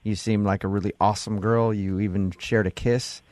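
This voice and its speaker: A man's voice: lowish voice, little pitch movement, brisk, darkish tone, dry recording. A man hosting a radio show, chatting casually and teasing the guests. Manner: teasing, joking. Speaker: radio host.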